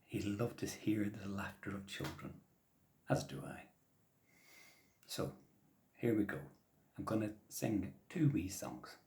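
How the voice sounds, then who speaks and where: A traditional storyteller spins tales for children in a slightly low, mellow voice. He speaks gently and softly and often sinks to a near whisper. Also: slow pace, long pauses. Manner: gentle, soft-spoken, drops to whispers.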